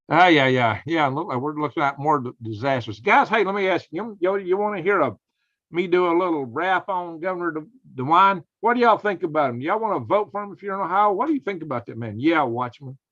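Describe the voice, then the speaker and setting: A man's voice: on the high side, fairly bright tone. A man, hosting a casual live stream in a folksy, exclaiming way and chatting with viewers. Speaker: host. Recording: dull lo-fi sound.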